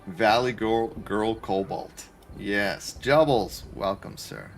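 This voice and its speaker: A man's voice: on the low side, slow, faint music behind. A man chatting casually with his viewers, joking while he plays a game from his apartment. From Canada. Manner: chatty, joking, talks to chat while playing. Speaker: streamer. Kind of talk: casual gaming livestream commentary.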